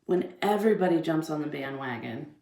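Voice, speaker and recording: A woman's voice: low voice, animated, fairly quick, vocal fry, mellow, echoey room. A young woman ranting heatedly to the camera, swearing constantly and firing off rhetorical questions. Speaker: channel host ranting. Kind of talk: angry profane rant to camera.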